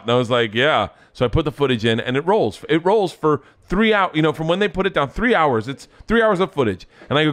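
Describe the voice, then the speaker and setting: A middle-aged man telling a story with animated delivery, acting out his family's voices. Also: mid-range voice, fast talker, few pauses. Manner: lively, acts out voices of family. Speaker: comedian guest.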